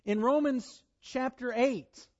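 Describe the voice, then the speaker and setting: A man preaching a sermon, reading scripture aloud in a deliberate, emphatic way. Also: extremely high pitch, dull audio.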